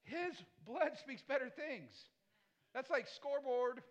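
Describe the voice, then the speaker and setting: A male pastor delivers an emphatic, repetitive sermon, hurling rhetorical questions at the congregation between casual, conversational asides. His voice is very high and animated, and he takes it slowly. The highs are cut off.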